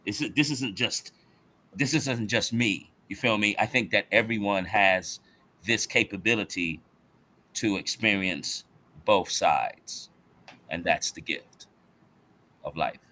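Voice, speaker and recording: A man in casual podcast talk, an animated storyteller who uses slang and acts out other people's voices. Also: on the low side, takes it slowly, pauses often. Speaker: podcast guest. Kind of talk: casual chat.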